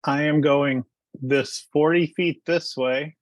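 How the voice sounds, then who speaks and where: A man's voice: on the high side, fairly even intonation, slow, dry recording. A man playing a tabletop game, plainly announcing where his character moves. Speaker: player. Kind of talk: casual tabletop play.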